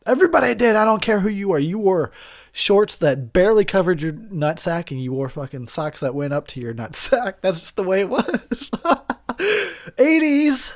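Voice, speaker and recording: A man's voice: sits high, sing-song, normal speed. Giggly drunk man riffing on a movie. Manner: giggly, crude, rambling. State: drunk and high. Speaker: movie commentator.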